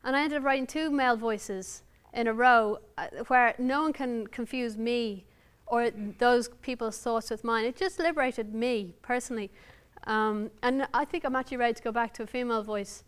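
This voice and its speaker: Wry Irish woman novelist, clear voice. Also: a little high, normal speed, hardly any pauses. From Ireland. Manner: candid, wry and self-deprecating. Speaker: novelist giving a reading. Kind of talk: reading aloud then answering audience questions. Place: university lounge before an audience.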